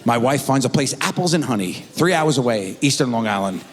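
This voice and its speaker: A middle-aged man telling a stand-up comedy story on stage, acting out his kids in high squeaky voices. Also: lively intonation, a little fast. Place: theater stage before a live audience. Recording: stage mic in a large reverberant hall.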